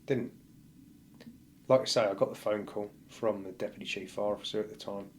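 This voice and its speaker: Speaking quickly in a fairly low, level voice, a firefighter on a podcast bluntly recounts a painful personal experience, vividly acting out the dialogue. A little hiss or hum sits under the recording.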